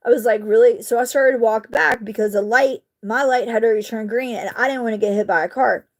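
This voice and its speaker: A woman, casually telling a story to her viewers while crafting, animated and indignant, with mild swearing. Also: fairly high pitch, a little fast, few pauses. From southeastern United States. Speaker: vlogger.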